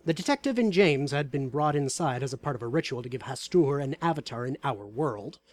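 Guy reading out a tabletop game story, deadpan and wry, normal pitched voice. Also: a little fast.

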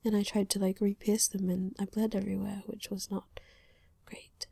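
A young woman whispering through an ASMR questionnaire on a USB condenser mic, slightly congested and croaky, rambling softly with many fillers. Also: mid-range voice, little pitch movement, moderate pace, no room sound. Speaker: ASMR creator.

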